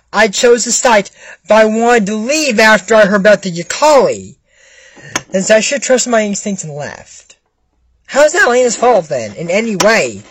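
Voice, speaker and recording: A young person casually retelling a cartoon episode, switching between narration, put-on voices and excited jokey asides. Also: mid-range voice, husky, no echo.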